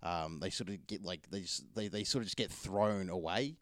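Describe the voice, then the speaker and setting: A man's voice: low voice, moderate pace, a bit bright, no echo, studio quality. A man chatting casually about films, rambling with lots of fillers and restarts. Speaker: film reviewer. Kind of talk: casual film review chat.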